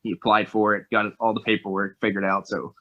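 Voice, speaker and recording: A man's voice: lowish voice, little pitch movement, a little fast. A young man co-hosting a podcast, talking casually and hesitantly with many fillers. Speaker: podcast co-host. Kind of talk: casual chat. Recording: dull lo-fi sound.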